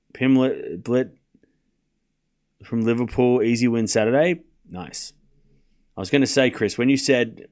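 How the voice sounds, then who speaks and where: A man's voice: mid-range voice, fairly bright tone. A young man hosting a live tennis watchalong, chatting casually with his stream chat and calling the score in a rambling way. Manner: chatty, rambling, with fillers and restarts.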